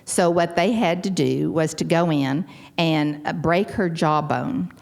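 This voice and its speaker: Wry Texan woman in her sixties, lowish voice. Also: unhurried, gravelly. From Texas. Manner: wry self-deprecating humor, lively storytelling with sudden jumps up in pitch. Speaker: convention speaker sharing her recovery story. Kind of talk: personal storytelling talk.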